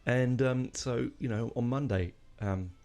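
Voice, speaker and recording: A man's voice: medium pitch, measured pace, a little mellow. A man hosting a podcast, talking casually and emotionally, rambling with lots of fillers and restarts. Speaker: podcast host. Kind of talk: casual solo podcast talk.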